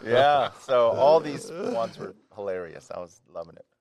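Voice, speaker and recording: A playful man chatting as a podcast guest, lively and putting on funny voices. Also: medium pitch, normal speed, very noisy. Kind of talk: casual chat.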